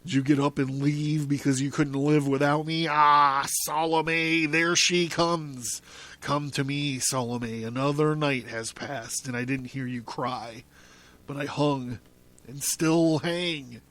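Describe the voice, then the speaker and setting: A man's voice: a little high, fairly even intonation, slow, fairly bright tone. A man doing weary, subdued Carl.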